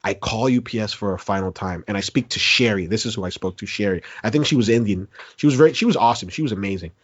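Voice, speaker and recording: A man co-hosting a podcast and telling a long gripe in casual chat, animated and profane, acting out what he said. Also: lowish voice, quick pace, slightly rough, no room sound. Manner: animated, profane, acts out his own quotes. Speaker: podcast co-host. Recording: dull lo-fi podcast recording.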